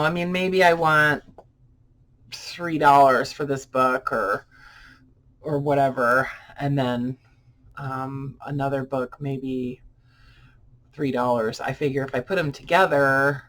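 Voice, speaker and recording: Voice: medium pitch, slow pace, pauses often, fairly bright tone. A vlogger chatting casually while unboxing old books, rambling and full of fillers. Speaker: vlogger showing book finds.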